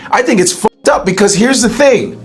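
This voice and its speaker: Blunt, swearing man with a lively voice. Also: high voice, moderate pace. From United States. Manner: blunt, profane, emphatic. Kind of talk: casual podcast chat.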